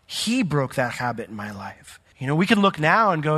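A man preaching a lively sermon in a church, mixing stories and humor into his teaching. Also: on the high side, normal speed, slightly rough. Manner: lively storytelling with humor and asides. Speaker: pastor. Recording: hall reverb from a church sanctuary.

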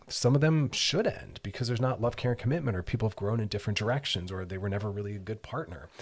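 A man hosting an advice show, talking earnestly and directly, coaching listeners with repeated commands. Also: on the low side. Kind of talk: advice podcast monologue.

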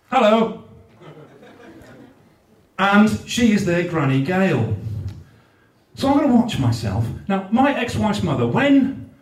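A man in his thirties from South Wales does brash, sweary stand-up for a live crowd. His fairly high voice rings around a roomy venue and sounds a little distant from the mic. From Newport, South Wales. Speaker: stand-up comedian. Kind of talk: stand-up routine. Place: live comedy venue, large room. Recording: echoey room heard from a distance.

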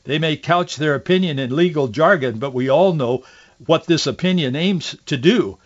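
A man's voice: on the high side, moderate pace. A man hosting a political talk show, giving indignant, sarcastic commentary, often restarting his sentences. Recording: dull lo-fi audio.

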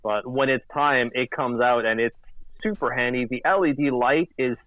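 A man co-hosting a casual sports podcast, chatty and animated, acting out quotes in silly voices. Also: medium pitch, normal speed, no echo. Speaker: podcast co-host. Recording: tinny phone-like line.

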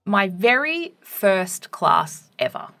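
A woman's voice: medium pitch, big pitch swings, slow, heavy background noise. A young adult woman co-hosting a podcast, telling a teaching story in a casual, chatty way full of "like" and "right?".

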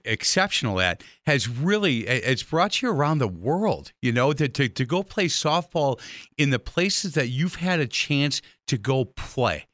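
A man's voice: medium pitch, fairly bright tone, no echo, clean studio sound. A man hosting an interview show, telling long stories in a chatty way with many restarts. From Irish heritage. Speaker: show host. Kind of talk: casual interview chat.

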